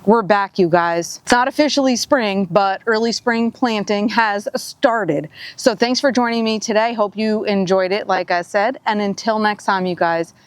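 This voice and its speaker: A woman's voice: mid-range voice, normal speed, few pauses, dry recording. A woman hosting a gardening vlog outdoors, talking casually while she works on a flowerbed, a bit out of breath from digging. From Southeastern United States. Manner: chatty, thinking aloud while working. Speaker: gardening channel host.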